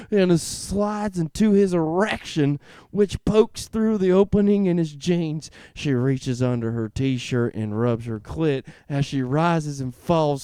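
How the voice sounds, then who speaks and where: A man co-hosting a podcast, reading a story aloud haltingly and breaking into laughter. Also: fairly high pitch, mellow, smooth, dry recording, studio quality. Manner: reads haltingly, laughing often. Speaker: podcast co-host. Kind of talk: casual chat, reading aloud.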